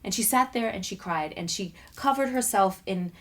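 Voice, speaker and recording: Animated woman telling a personal story. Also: mid-range voice, normal speed. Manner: animated storyteller acting out quotes. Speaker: guest speaker. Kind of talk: talk show conversation. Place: community TV studio.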